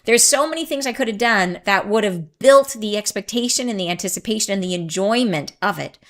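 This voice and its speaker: A woman's voice: mid-range voice, a little fast. Lady podcast host, super chatty, rambly, laughs a lot, goes off on tangents. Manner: laughs often, excitable. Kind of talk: casual spiritual talk to listeners.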